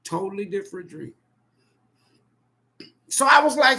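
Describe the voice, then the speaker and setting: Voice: medium pitch, expressive, a little slow, pushed and bright. A tarot reader delivering an impassioned spoken monologue in a profane, emphatic, preachy way.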